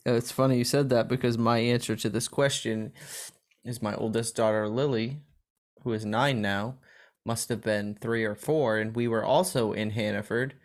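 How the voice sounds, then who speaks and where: A man's voice: medium pitch, steady tone, normal speed. A man hosting a casual podcast who reads out the questions and tells stories with frequent laughs. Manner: giggly, upbeat question-asker. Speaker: podcast host asking the questions. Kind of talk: casual chat.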